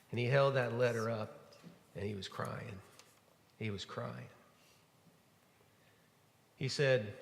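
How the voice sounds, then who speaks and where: A man's voice: medium pitch, slow pace, long pauses. Male pastor, easygoing storytelling sermon, recorded in a reverberant sanctuary. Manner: storytelling, conversational with frequent fillers. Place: church sanctuary. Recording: echoey church hall.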